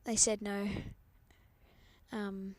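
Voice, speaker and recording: A Scottish woman hosts a live planespotting stream, rambling chattily and often dropping to a half-whisper. Her medium-pitched voice is a little mellow, with a flat delivery and drawn-out words.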